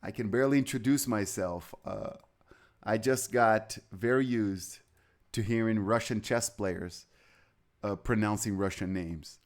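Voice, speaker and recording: A man's voice: fairly low pitch, measured pace. A man giving live chess commentary, rambling and chatty, with anecdotes between moves.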